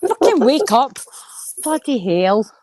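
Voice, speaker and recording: A woman on a live stream panel, loudly teasing the others and swearing through casual banter. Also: a little high, sing-song, slow pace, no room sound. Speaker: panel guest.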